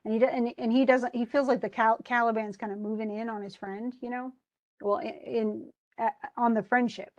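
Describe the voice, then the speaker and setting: A woman's voice: a little high, steady tone, fairly quick, muffled recording. Woman casually explaining a play. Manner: paraphrases in modern everyday speech. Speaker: teacher. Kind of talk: casual literature lesson.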